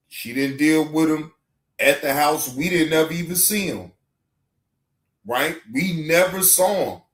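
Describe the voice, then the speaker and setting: Slow-talking male reaction host. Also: a little high. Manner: preachy, repeats himself, asks "right?". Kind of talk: casual commentary.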